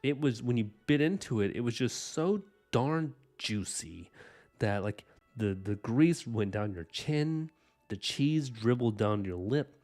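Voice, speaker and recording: A man's voice: mid-range voice, animated, unhurried, darkish tone, soft background music. A man casually chatting with his live-stream viewers, rambling enthusiastically with lots of "like" and "you know". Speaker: livestream art host chatting with viewers.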